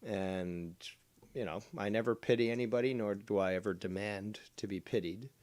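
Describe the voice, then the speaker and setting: A man's voice: lowish voice, fairly even intonation, moderate pace, a little mellow, dry recording. A man arguing on a livestream in a sarcastic, mocking manner. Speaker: livestream commentator. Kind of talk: livestream argument.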